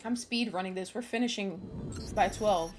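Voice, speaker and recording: A woman's voice: mid-range voice, moderate pace. Young woman streamer, casual, nervous chatter full of swearing, faint game music under her voice. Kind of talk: casual live-stream chat.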